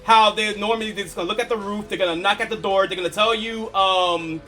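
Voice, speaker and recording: A man with a very high, bright voice chats casually with his stream viewers, spinning a story in an animated, chuckling way and swearing freely. Faint game music plays under his talk. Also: quick pace.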